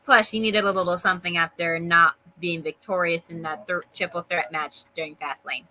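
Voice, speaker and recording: Sassy woman co-host, bright voice. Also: lowish voice, steady tone, moderate pace, low-quality recording. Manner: sassy, emphatic. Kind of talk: casual chat.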